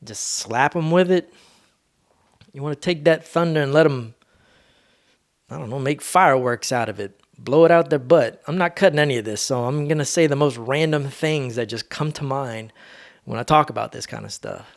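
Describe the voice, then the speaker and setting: A man's voice: mid-range voice, normal speed, vocal fry. A man hosting a solo podcast, talking in a rambling, laid-back, slangy way. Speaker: podcast host. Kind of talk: casual solo monologue.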